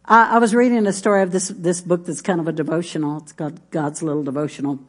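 A woman's voice: lowish voice, steady tone, fast talker. A middle-aged woman pastor, preaching a folksy sermon full of stories. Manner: folksy, storytelling, with congregation responses.

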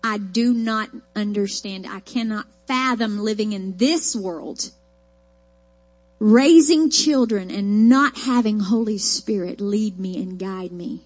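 A woman's voice: mid-range voice, takes it slowly. A woman preaching a sermon, mixing folksy personal stories with emphatic, rising declarations.

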